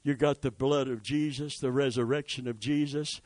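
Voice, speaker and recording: A man preaching a sermon, swinging from quiet storytelling to loud rising exhortation with asides to the congregation. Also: medium pitch, moderate pace, no echo. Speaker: pastor.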